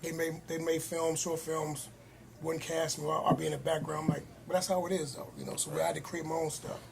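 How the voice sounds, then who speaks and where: A man, a filmmaker guest, talking in a casual podcast conversation, animated and acting out quoted lines. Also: on the high side, brisk, gravelly. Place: cigar lounge.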